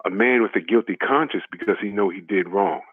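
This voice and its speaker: This is a heated phone-in rant from a male caller with a fairly low, brisk voice. He mocks and swears as he gets fired up, and the phone line sounds dry.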